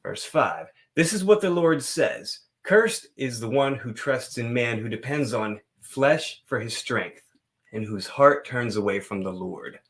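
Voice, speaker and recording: A man hosting a casual live stream, chatting loosely and reading scripture slowly and dramatically. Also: medium pitch, expressive, husky. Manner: loose, rambling, playful.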